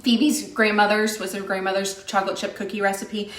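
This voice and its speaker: A woman's voice: medium pitch, little pitch movement, a little fast. A woman from West Virginia hosting a live cooking stream, chatting with viewers in an upbeat way and laughing often. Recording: echoey room sound.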